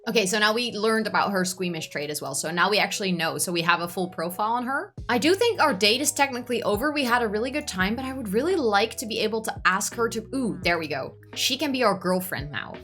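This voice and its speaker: A young woman giving casual commentary on a life-simulation game, gushing and excitable as she talks to her viewers. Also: medium pitch, fast talker, few pauses. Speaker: gaming YouTuber.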